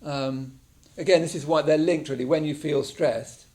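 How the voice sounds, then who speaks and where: An English meditation teacher leads a mindfulness class in a meditation room, keeping it conversational and checking in with the group with frequent "yeah?"s. His voice is fairly high and darkish, with a steady tone and normal speed.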